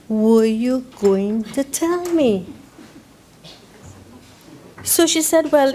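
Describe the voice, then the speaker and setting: A woman's voice: fairly high pitch, dark tone, a little hiss or hum. A woman speaking in parliament, telling a story and acting out the dialogue in it. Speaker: member of parliament. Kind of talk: parliamentary speech. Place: parliament chamber.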